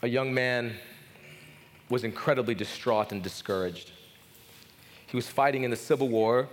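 A man preaching a sermon at a family camp, telling a story with passion that swings from hushed to soaring. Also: fairly low pitch, long reverb tail, slight background noise. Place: speaking at a family camp gathering.

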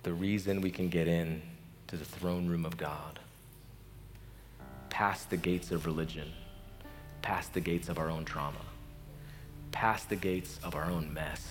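Preacher: man, low voice, impassioned storytelling sermon, faint music underneath. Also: fairly even intonation, measured pace, pauses often, big-room sound. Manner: impassioned storytelling preacher, swinging from hushed to soaring. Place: speaking at a family camp gathering.

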